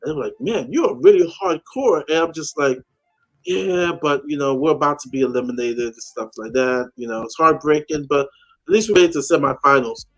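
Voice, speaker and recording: A man's voice: on the high side, expressive, normal speed, fairly bright tone. A man chatting casually on a call-in show, telling a story animatedly and acting out the people he quotes. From United States.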